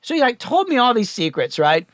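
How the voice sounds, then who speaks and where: A middle-aged man, a music producer, telling stories as a podcast guest, animated and profane, acting out the people he quotes. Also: very high voice, a little fast, no room sound, clean studio sound. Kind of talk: casual storytelling.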